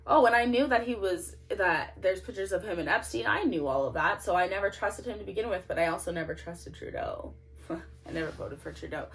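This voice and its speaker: Cramped into a closet at home, a woman in her thirties from Canada vents to her camera in an emotional political vlog, using only its built-in mic. Her medium-pitched voice is expressive and a bit bright, a little fast, swinging sharply as she rants indignantly.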